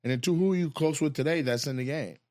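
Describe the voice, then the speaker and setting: A man's voice: fairly high pitch, fast talker, no room sound, clean studio sound. A man hosting a casual podcast chat, a comedian who tells stories animatedly, swears freely and laughs a lot. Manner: animated storyteller, profane and laughing. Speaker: podcast host.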